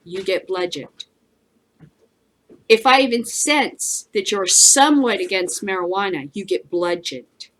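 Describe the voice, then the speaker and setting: A woman's voice: medium pitch, a bit bright. A woman hosting a casual commentary show, ranting bluntly with lots of swearing and frequent laughter. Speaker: host.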